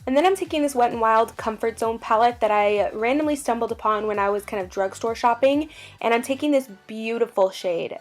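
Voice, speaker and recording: A woman's voice: fairly high pitch, brisk, soft background music. A young woman narrating a makeup tutorial, gushing about products in a bubbly, chatty way. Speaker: beauty vlogger.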